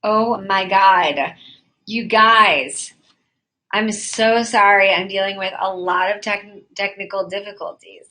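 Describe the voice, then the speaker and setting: A woman hosting a live webcam chat room from home, talking straight into her phone or webcam. She reads out viewer messages and chats back in a flirty, easily flustered way. Her voice is bright with a sharp edge, at a middle pitch. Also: slow pace. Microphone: phone or webcam mic.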